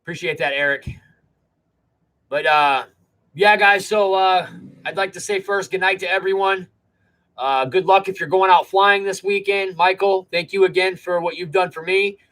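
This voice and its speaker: A man's voice: high voice, moderate pace, bright, forceful tone, poor audio. A man hosting a live stream, chatting casually in a rambling, laid-back way.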